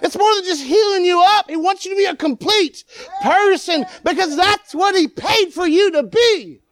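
A preacher giving an animated sermon, acting out the people in the story and swinging between loud and quiet. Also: extremely high pitch, normal speed, no room sound. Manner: animated, acts out the people it quotes.

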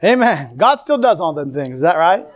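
A man's voice: fairly high pitch, very animated, moderate pace. A man preaching a fervent sermon to a congregation, calling out amen and praise the Lord.

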